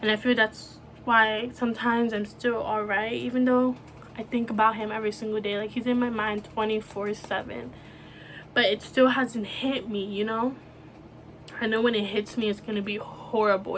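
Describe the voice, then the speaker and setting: A young woman talking to camera about a close friend, speaking softly and haltingly with many fillers. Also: a little high, a little hiss or hum. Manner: soft, halting, full of fillers like "you know". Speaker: vlogger. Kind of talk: emotional personal talk to camera.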